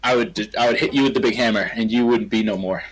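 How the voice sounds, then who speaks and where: A man's voice: on the low side, fast talker, crowd noise, rough recording. A young man guesting on a stream, chatting casually, often stumbling and restarting, joking back. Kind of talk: casual live-stream chat.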